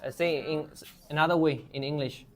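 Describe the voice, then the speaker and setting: Speaking fast with a somewhat high voice and fairly even intonation, an English teacher from Myanmar leads his class encouragingly. He poses questions to the students and models phrases they then repeat.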